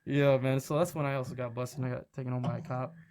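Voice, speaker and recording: A young man, a podcast guest, telling a story in casual chat, animated, with swearing and laughter. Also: mid-range voice, fast, crowd noise. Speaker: podcast guest, restaurant manager and food truck owner.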